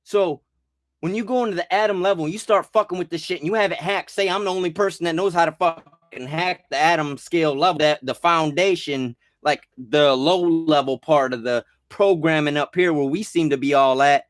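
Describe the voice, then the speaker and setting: Talking fairly quickly in a somewhat high voice, a vlogger rambles through a conspiracy rant, cursing freely, agitated, and restarting sentences as he gets worked up. The sound is close and dry, with no room sound.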